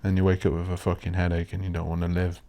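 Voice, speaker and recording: Man, very deep voice, solo podcast host, rambling, blunt, swears a lot. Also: completely flat delivery, quick pace. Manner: blunt, sweary, thinking out loud.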